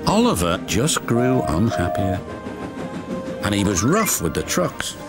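A man narrating a children's story in a gentle, expressive storytelling manner. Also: on the low side, measured pace. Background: show music.

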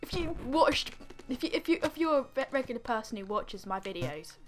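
A woman's voice: a little high, sing-song, fairly quick, soft background music. An English woman giving rambling let's play commentary, swearing, laughing and making random noises. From England. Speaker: gaming channel host.

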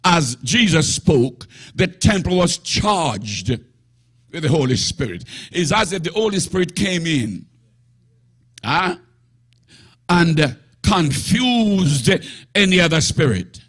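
A male preacher delivers a sermon in a breathy, husky voice, slow and drawn-out. His pitch swings widely and rises to emphatic shouts. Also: sing-song. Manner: emphatic, rising to shouts with bursts of laughter.

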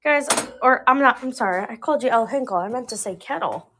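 A young woman in her twenties runs a live online sale in a relaxed, chatty way. Her voice sits a little high, and she pokes fun at her own mix-ups as she goes. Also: quick pace, heavy background noise. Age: 20s. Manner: chatty and self-deprecating, laughs at own slips. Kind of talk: casual live-sale chat.

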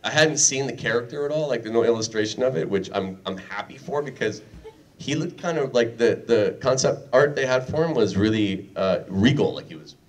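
A man's voice: medium pitch, a little fast, far from the mic. A man speaking as a guest on a convention panel, joking and teasing with lots of laughter. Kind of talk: casual convention panel talk. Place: convention panel room with audience. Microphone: filmed from the audience.

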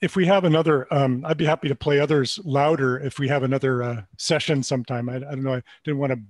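A man in casual chat on a video call, telling a story with many pauses and ums. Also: mid-range voice, steady tone, no echo. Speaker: musician guest.

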